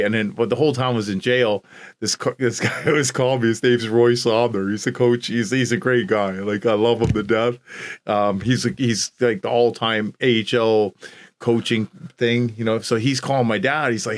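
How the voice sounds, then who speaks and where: A man's voice: medium pitch, steady tone, moderate pace. Profane Canadian man rambling through stories. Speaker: podcast guest, former hockey enforcer. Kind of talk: casual storytelling chat.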